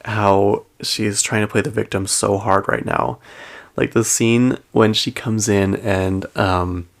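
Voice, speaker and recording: A man's voice: lowish voice, steady tone, takes it slowly, vocal fry. A man hosting a pop culture show, chatting casually through a gossip recap with lots of "like" and "um". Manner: chatty, heavy use of "like" and "um"; laughs between sentences.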